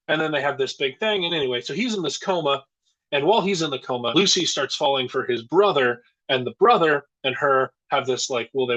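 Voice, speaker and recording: A man in his thirties, the guest in a casual interview, telling an animated, rambling story full of tangents. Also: mid-range voice, rough recording.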